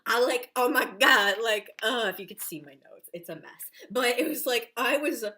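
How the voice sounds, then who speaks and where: A woman in a casual reaction vlog, gushing and excitable about an episode, full of "like" fillers. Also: fairly high pitch, normal speed. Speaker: vlogger reviewing a TV episode.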